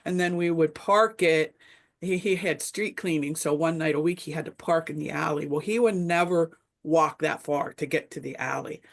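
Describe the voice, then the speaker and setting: A woman's voice: sits low, steady tone, moderate pace, vocal fry. A middle-aged woman speaking as a webinar panelist, telling a reflective story in a casual discussion, with many fillers.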